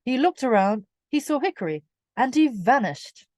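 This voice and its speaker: A woman reading a children's storybook aloud, slow, clear and expressive for young listeners. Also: a little high, no room sound, clean studio sound. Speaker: reader.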